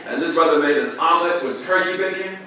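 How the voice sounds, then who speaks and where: Talking quickly in a fairly high voice, the Oklahoma-born guest imam delivers a casual, slangy storytelling lecture, playing out other people's dialogue. The audio is very noisy, recorded with a distant mic in a very echoey university lecture hall.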